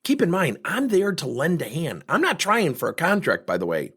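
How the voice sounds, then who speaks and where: A man's voice: a little high, moderate pace, husky. A man coaching on sales, telling a story and acting out the people in it. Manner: animated, acts out quoted voices. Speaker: sales coach, podcast host. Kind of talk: storytelling talk.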